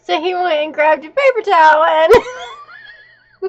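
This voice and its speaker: A woman's voice: extremely high pitch, animated, unhurried, lo-fi sound, slight background noise. A woman hosting a casual vlog, chatting and telling stories while laughing often. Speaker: vlogger host. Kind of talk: casual plan-with-me vlog chat.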